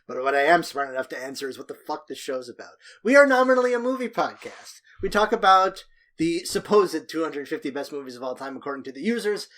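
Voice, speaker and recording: A man's voice: mid-range voice, a bit bright. A man co-hosting a movie podcast in casual, joking chat, swearing freely. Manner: joking, profane, loose. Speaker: podcast co-host.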